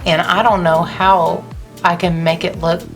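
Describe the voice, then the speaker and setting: A woman's voice: lowish voice, level tone, a little slow, soft background music. A woman talking casually through her makeup in a rambling, gushing get-ready-with-me vlog. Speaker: beauty vlogger.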